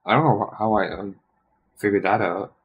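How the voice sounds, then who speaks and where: A man thinking aloud while studying, hesitant and questioning himself, often trailing off into a quiet mutter. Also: fairly low pitch, moderate pace, breathy edge, highs cut off. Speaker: streamer studying Italian.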